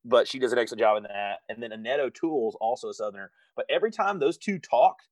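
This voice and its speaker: An earnest man on a casual podcast lays out his complaints about a film's performances. His tone is steady and critical, and it sometimes drops quite low. The sound is dry and close. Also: quick pace, no echo. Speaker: podcast co-host. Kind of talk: casual movie review chat.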